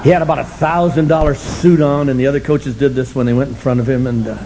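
An older man sharing his story at a recovery meeting, sardonic and humorous, breaking into shouts. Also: mid-range voice, fast, background noise. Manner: animated, sardonic, bursts into shouting.

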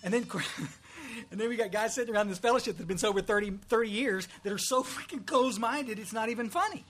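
A man's voice: high voice, quick pace, a bit bright. A middle-aged man from Texas with a Texan accent, giving a folksy, emphatic testimony talk at a recovery meeting.

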